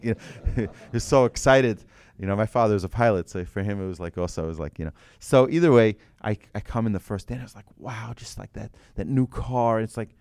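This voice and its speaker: A lower-voiced man teaching a religious class to a room of listeners. He talks in an animated way, tossing out rhetorical questions and telling stories. The sound is dry and close. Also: clear, resonant tone, no room sound. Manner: animated, asks rhetorical questions, tells anecdotes.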